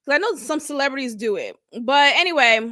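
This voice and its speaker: High, bright, joking woman reviewer. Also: fairly quick, dry recording, studio quality. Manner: animated and joking, laughs and swears freely. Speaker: host of a reality TV review channel. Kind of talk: casual commentary.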